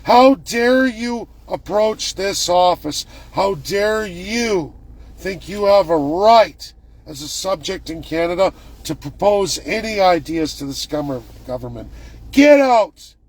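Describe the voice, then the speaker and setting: A man putting on the voice of an arrogant male government official, contemptuous and shouting. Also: high-pitched, animated, voice pushed up, exaggerated voice. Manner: contemptuous, shouting, drawn-out sneer.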